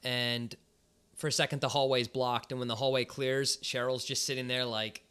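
Male podcast co-host, resonant mid-pitch voice, measured and analytical. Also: little pitch movement, bright, forceful tone, clean tone. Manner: thoughtful, analytical, searches for words. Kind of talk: casual movie review chat.

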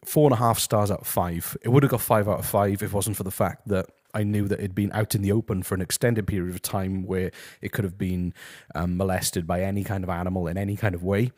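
Deep-voiced male host, deadpan, rambling comedic reviewer, dry close sound. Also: no room sound. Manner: deadpan, rambling, many ums. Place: his house, walking to the kitchen.

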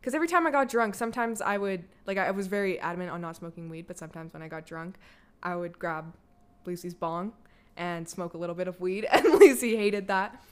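Smooth-voiced young Canadian woman, chatty. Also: fairly low pitch, fairly quick. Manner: candid, loose and chatty, heavy filler "like", swears freely. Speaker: guest, daughter of the host. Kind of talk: casual personal storytelling.

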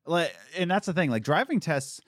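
A woman from the Philadelphia area hosting a casual podcast chat, animated and teasing, full of fillers. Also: low voice, moderate pace, dry recording, studio quality. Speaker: podcast host.

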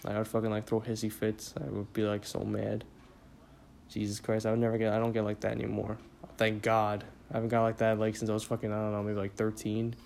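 A tired young man from the New York area hosts a casual solo podcast, his voice fairly low, monotone, creaky and darkish as he talks at a quick pace. He rambles, swears a lot and leans heavily on filler words. Slight background noise is present.

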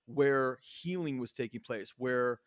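A man's voice: mid-range voice, slow pace, dry recording, clean studio sound. Earnest man rambling through a story. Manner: earnest, rambling, with frequent restarts. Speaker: podcast guest. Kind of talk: casual conversational storytelling.

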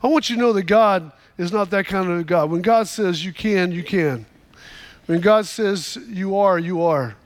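A man with a high voice preaches to his congregation. He tells a story in a loose way, restarting his words and asking people to say amen. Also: moderate pace. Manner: storytelling, repeats words in restarts, calls for amens. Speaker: pastor. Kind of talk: sermon.

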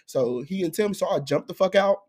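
A young man hosting a podcast, telling a story in an animated, profane way with frequent laughter. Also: sits high, a little fast. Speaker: podcast host. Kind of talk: casual chat storytelling.

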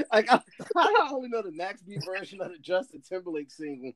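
A man's voice: high-pitched, moderate pace. A man co-hosting a casual podcast, talking loosely and laughing often. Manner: relaxed, laughing, loose rambling talk. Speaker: podcast co-host. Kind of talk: casual chat.

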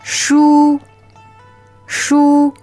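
A woman's voice: high voice, monotone, very slow, warm tone, soft background music. A woman whose first language is Chinese, co-hosting a lesson podcast and giving careful model pronunciation. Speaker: podcast co-host.

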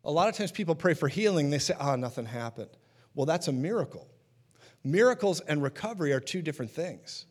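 A man's voice: fairly high pitch, expressive, fast. A man preaching a sermon in a conversational teaching manner, often checking in with his listeners.

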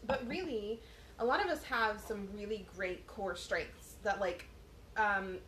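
A woman co-hosting a podcast, a mother telling lively stories in casual chat. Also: medium pitch, unhurried, roomy sound, slight background noise. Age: adult, mother of children. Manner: chatty, animated storyteller. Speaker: podcast co-host.

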